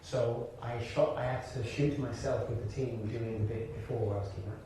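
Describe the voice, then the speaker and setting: An actor-director from Birmingham, England, guesting in a live onstage conversation, tells animated stories to a large hall audience with frequent restarts and laughter. He speaks in a mid-range voice at normal speed. The recording is distant and echoey with background hiss.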